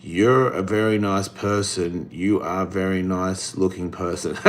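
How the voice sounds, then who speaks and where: A man's voice: low voice, steady tone, unhurried, hardly any pauses. A middle-aged man hosting a casual live stream, reading the chat and answering in a blunt, rambling way with free swearing.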